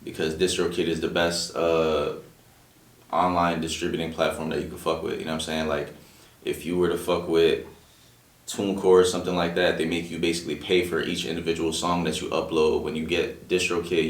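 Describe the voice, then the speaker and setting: A man talking casually as a battle rapper guest on a podcast, in fast, profane, animated street talk. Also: low voice. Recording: echoey room, distant from mic.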